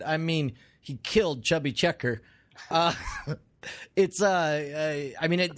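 A man doing comedic improv, rambling through theories with puns and riffs. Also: fairly high pitch. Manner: rambling, riffing, wordplay. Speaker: improv player.

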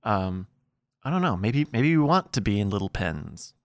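A man on a casual podcast, musing on online communities and cracking deadpan jokes. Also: on the low side, dry recording, studio quality. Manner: wry, teasing, quick deadpan jokes. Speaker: podcast co-host.

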